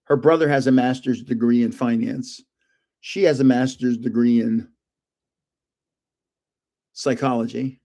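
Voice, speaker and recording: A man's voice: medium pitch, fairly even intonation, measured pace, pauses often, dark tone. An older man hosting a casual livestream from home, rambling through anecdotes and chuckling often. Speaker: livestream host.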